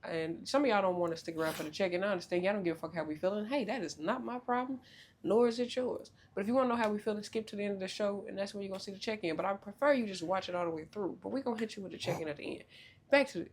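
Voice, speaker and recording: Loud joking woman podcast host. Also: very fast, slight background noise. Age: young adult. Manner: loud, joking and profane, with big swoops in pitch. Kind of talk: casual chat.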